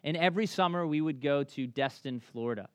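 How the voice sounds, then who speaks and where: A man's voice: on the high side, no echo, clean studio sound. A man in his thirties from Memphis with a thick Southern accent, preaching a conversational, story-filled sermon. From Memphis, Tennessee. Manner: conversational, animated storytelling with quick restarts. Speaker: pastor.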